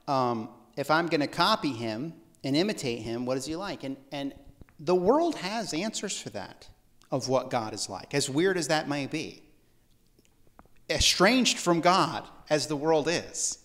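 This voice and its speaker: A man delivering a sermon at a church service in an easygoing, chatty way. He jokes with the congregation and often restarts his sentences. His voice sits a little high for a man. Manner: casual, joking asides, frequent restarts. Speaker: pastor. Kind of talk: conversational sermon.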